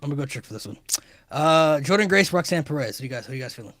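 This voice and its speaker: Quick-talking man leading a podcast rundown. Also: fairly high pitch, expressive, fairly bright tone, no echo, clean studio sound. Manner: quick, leads the rundown, hesitant fillers. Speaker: podcast host running through predictions. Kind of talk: casual chat.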